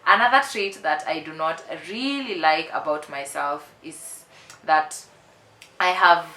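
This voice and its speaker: In an offhand confessional vlog, a twenty-something woman talks frankly and with emphasis, saying things again for effect. Her voice is low, pushed and bright, and she takes her time. There's a roomy echo around her.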